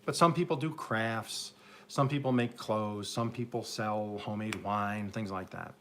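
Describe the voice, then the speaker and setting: A man's voice: lowish voice, measured pace, a bit bright, slight background noise. A man with an upstate New York accent, chatting casually and joking with viewers during a live garden stream. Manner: rambling, self-mocking, joking with chat viewers. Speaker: garden channel host. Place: home garden, Oklahoma.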